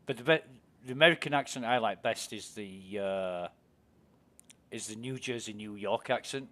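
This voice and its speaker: A man's voice: fairly low pitch, moderate pace, bright, forceful tone. An English man with an English accent, chatting casually and telling rambling stories while streaming a game. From England. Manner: chatty, rambling storyteller, swears freely, laughs easily. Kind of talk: casual chat while gaming.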